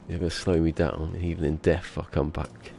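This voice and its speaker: With a rumbling low, warm voice edged with vocal fry, a man streams a game from a small room at home over slight background noise. He's sniffly from a cold and rambles along, joking to himself in casual chatter.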